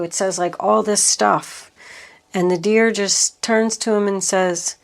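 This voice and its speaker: A woman giving a tarot reading to camera, slow and reassuring as she talks through the cards. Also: mid-range voice, fairly even intonation. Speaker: tarot reader.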